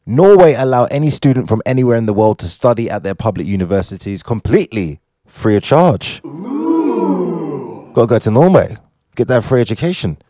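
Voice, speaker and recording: A man casually reading out fun facts, joking and riffing on them in quick asides. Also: medium pitch. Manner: animated, jokey, asides to himself. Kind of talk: casual fun-fact commentary.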